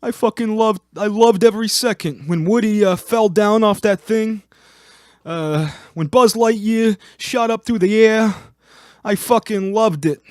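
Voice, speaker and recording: A man imitating a whiny, complaining older male coworker in a high, plaintive voice. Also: unhurried, no echo, studio quality. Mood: gushing.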